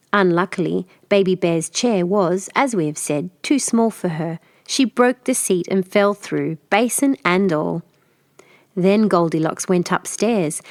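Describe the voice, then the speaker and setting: A woman with an American accent calmly narrating a fairy tale as a storyteller. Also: on the low side, no echo, studio quality. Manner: gentle, even storytelling.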